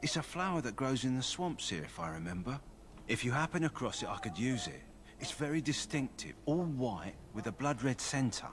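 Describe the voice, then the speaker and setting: A man with a London accent voicing a calm, practical kennel master in a video game. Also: medium pitch, normal speed, noisy background, close to an everyday voice. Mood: matter-of-fact. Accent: London English. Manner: steady, matter-of-fact.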